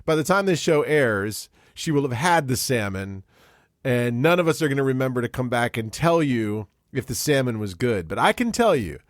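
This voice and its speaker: A man's voice: mid-range voice, sing-song, normal speed, no echo, clean studio sound. A man co-hosting a podcast in casual chat, jokey and rambling, often laughing. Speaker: podcast co-host.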